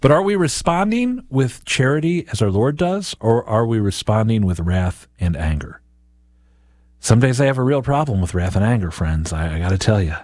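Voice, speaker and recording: A man's voice: on the low side, big pitch swings, moderate pace, a little mellow, dry recording. A man hosting a daily gospel reflection, talking earnestly and directly to his listeners and often repeating words as he goes.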